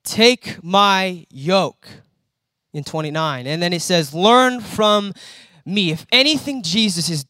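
A young man preaching a conversational sermon in a church hall, animated and acting out the quotes he tells. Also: high-pitched, takes it slowly, studio quality.

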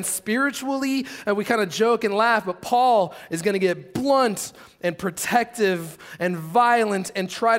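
A man preaching a sermon as pastor in a church service, telling animated stories and acting out the voices of the people he quotes. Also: sits high, big-room sound. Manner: drops to a hushed tone when praying.

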